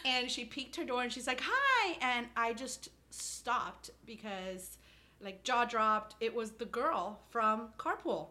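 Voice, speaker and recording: A woman's voice: fairly high pitch, takes it slowly, pushed and bright. A woman from South Florida co-hosting a podcast, telling a long-winded story in casual chat and laughing often. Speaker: podcast co-host.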